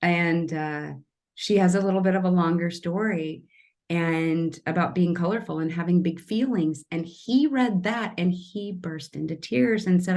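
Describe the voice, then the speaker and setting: A middle-aged woman from Kansas City, Missouri, a tree artist and storyteller, appears as a guest on a casual podcast interview. Her voice is fairly low and darkish, at a moderate pace, and she speaks earnestly and emotionally, rambling and restarting sentences.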